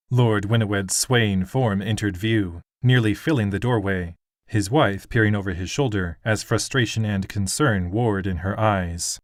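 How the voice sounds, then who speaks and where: A man narrating a fantasy audiobook in a steady, even storytelling manner. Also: on the low side, unhurried, no room sound, studio quality.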